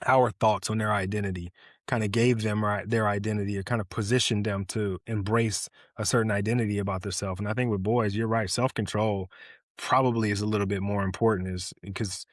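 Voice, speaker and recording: A man's voice: lowish voice, fairly even intonation, fairly quick, dry recording, studio quality. A man talking casually and reflectively, often repeating words and checking in with "right?". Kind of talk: casual conversation.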